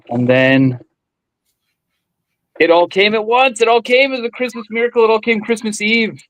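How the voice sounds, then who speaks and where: A man's voice: a little high, dry recording, poor audio. A man chatting casually as a guest, gushing with gratitude and telling a joke with enthusiasm.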